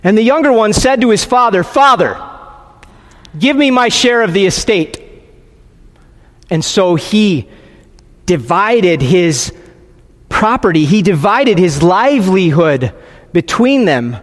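A man preaching a sermon, leading a silent prayer and reading scripture in an earnest, pausing way with frequent restarts. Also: high-pitched, expressive. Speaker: pastor. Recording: long hall reverb.

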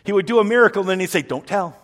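A man preaching a sermon as a pastor, telling stories with lively energy and acting out the people he quotes. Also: high-pitched, very fast.

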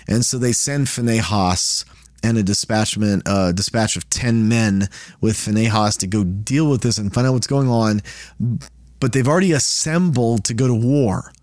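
A man's voice: on the low side, moderate pace, a little mellow, no echo, studio quality. A man leading a casual Bible study, explaining scripture in a conversational way and paraphrasing it in quoted asides.

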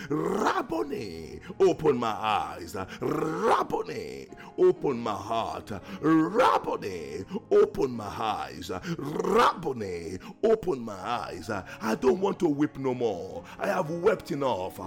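Gravelly, fervent male preacher praying. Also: medium pitch, wildly swooping pitch, slow pace, hardly any pauses, soft background music. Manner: impassioned, repetitive pleading, bursts into tongues. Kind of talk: fervent prayer and prophetic exhortation.

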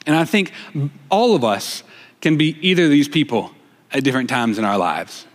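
A man preaching a sermon, retelling a story and voicing the dialogue in a shifting, expressive way. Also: mid-range voice, normal speed. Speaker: pastor. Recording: long reverb of a church hall.

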